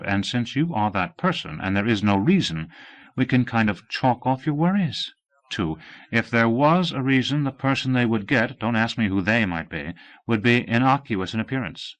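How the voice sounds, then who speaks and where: In an audiobook, a man voices a wry, teasing husband, clumsy and fond. He speaks in a dry, wordy, ironic way with a lively rise and fall. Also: mid-range voice, lightly acted. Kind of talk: audiobook character voice.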